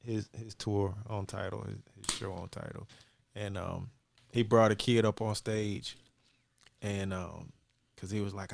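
A man co-hosting a podcast in casual chat, telling stories in a playful, animated way. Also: fairly low pitch, unhurried, creaky, no room sound. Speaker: podcast host.

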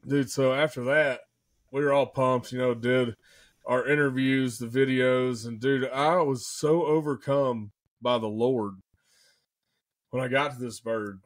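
A man, a podcast guest telling a story in an excitable, animated way and often saying "man" and "dude". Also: medium pitch. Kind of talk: casual storytelling.

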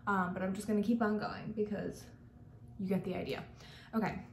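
A woman's voice: mid-range voice, fairly even intonation, a little fast, very noisy. A young woman, a makeup artist, chatting casually through a makeup tutorial, gushing and saying "like" a lot. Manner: chatty and gushing, heavy use of "like". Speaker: makeup artist and beauty vlogger. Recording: echoey room.

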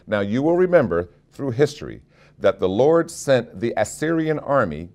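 A man preaching a sermon, reading scripture and explaining it to his congregation, rising in pitch and force when quoting and dropping low for asides. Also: very animated, normal speed, darkish tone. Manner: conversational preaching with restarts and direct appeals. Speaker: pastor.

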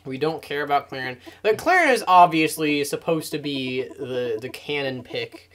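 A young man co-hosting a comedic let's play, joking in a mock-serious deadpan way. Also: on the high side, normal speed, a little hiss or hum. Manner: jokey, deadpan mock-serious, voices game characters. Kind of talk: casual joking game commentary.

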